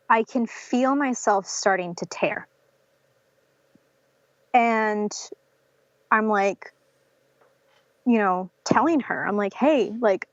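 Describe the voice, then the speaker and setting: A woman's voice: fairly high pitch, no echo. Young woman telling her story, dull dry sound. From North Carolina. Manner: many fillers like "um" and "like", acts out quotes of others. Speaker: podcast guest. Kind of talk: telling a personal birth story in an interview. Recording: slightly dull lo-fi podcast audio.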